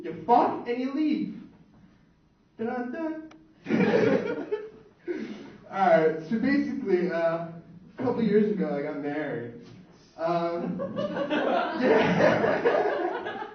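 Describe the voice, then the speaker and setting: A man's voice: high-pitched, sing-song, takes it slowly. Young man doing crude stand-up. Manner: crude, boastful storytelling with put-on voices for others. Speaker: stand-up comedian. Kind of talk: stand-up comedy set. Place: small club stage. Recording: echoey, distant, dull lo-fi room recording.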